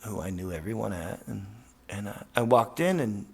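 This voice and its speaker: A professional skateboarder telling a casual, profane, rambling story with lots of fillers. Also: male voice, on the low side, animated, normal speed, vocal fry, breathy edge.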